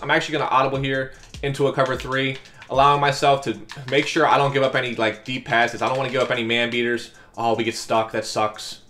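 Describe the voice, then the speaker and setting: A man giving live commentary over his own football video game, talking strategy to viewers and yelling at big plays. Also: mid-range voice, little pitch movement, fast talker. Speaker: gaming YouTuber.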